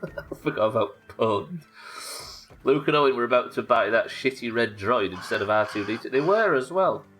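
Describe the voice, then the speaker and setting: A man from the UK streaming a survival game live, yelling at the game, swearing, and reading out chat messages. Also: medium pitch, normal speed. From United Kingdom. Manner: excitable, swears a lot, yells at the game.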